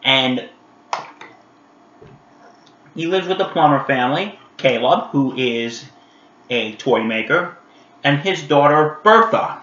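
A man reviewing an old animated holiday special in a casual vlog, chatty and animated with lots of fillers, talking straight to his viewers. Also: mid-range voice, takes it slowly, pauses often, a little hiss or hum. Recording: roomy, dull lo-fi sound.

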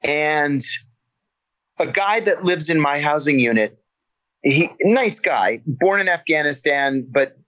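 A middle-aged man, a podcast guest and author, telling stories in a casual interview with animated delivery and frequent restarts. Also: a little high, slow pace.

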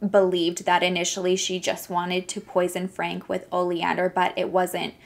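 A young woman casually narrating a true crime case, chatty and animated, with sarcastic asides. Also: on the low side, normal speed, gravelly.

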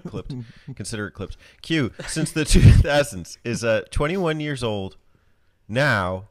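A man's voice: mid-range voice, animated, measured pace, dry recording. A man co-hosting a casual gaming podcast, reading out listener questions with joking asides and frequent laughter. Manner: laughs often, reads questions out with jokey asides. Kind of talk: casual chat.

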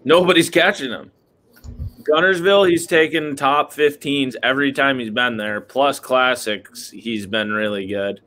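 A man co-hosting a podcast, chatting loosely and rambling. His voice comes across bright and forceful, at an ordinary middle pitch. He leans on "like" and "dude" as he talks. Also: a little slow. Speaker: podcast co-host. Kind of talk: casual fishing chat.

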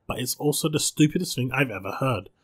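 A man's voice: mid-range voice, expressive, quick pace, a bit bright, breathy edge. A man voicing a tired, blunt woman who runs a bar, speaking firmly and curtly. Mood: weary firm. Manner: firm, tired and curt.

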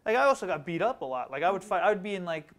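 Fast-talking middle-aged man telling stories. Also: high voice. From Long Island, New York. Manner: fast, animated storytelling. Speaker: guest author and educator. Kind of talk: casual interview chat.

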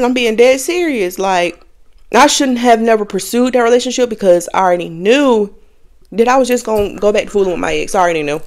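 A woman's voice: on the high side, expressive, normal speed, gravelly. A young adult woman hosting a podcast, talking candidly and casually to her viewers, often laughing. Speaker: podcast host. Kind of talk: casual confessional chat.

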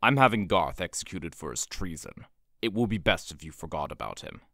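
A man's voice: low voice, big pitch swings, fairly quick, creaky, a bit bright, no echo, studio quality, exaggerated voice. A man voicing a stern male fox general and protective father in an audio drama, commanding and harsh.

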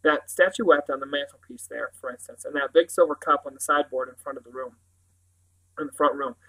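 A man reading aloud, voicing a brisk, firm middle-aged father who gives commands. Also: mid-range voice, bright, forceful tone, poor audio.

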